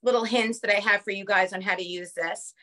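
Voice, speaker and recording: A woman with a New York accent teaching a live online craft class over a phone camera, chatty and quick, checking in with the viewers often. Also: mid-range voice, fairly even intonation, sharp tone. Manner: fast-talking, chatty, keeps checking in with "okay?". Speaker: craft instructor.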